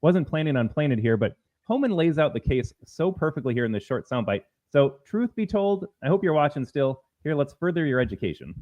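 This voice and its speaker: A man's voice: on the high side, big pitch swings, fairly quick, darkish tone, muffled recording. A co-host of a political commentary show, a man arguing his points emphatically. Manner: emphatic, argumentative.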